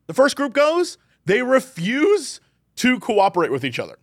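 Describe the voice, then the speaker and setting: A man co-hosting a casual podcast, ranting in an animated way and jumping into quoted voices. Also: high voice, a little slow, dry recording, clean studio sound. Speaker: podcast co-host.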